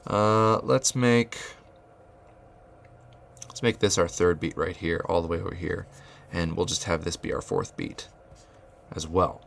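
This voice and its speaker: Deep, gravelly-voiced man teaching rhythm. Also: a little slow, a bit bright. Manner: thinking aloud with many fillers and restarts; chanting rhythm syllables. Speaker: music teacher. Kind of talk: whiteboard rhythm lesson.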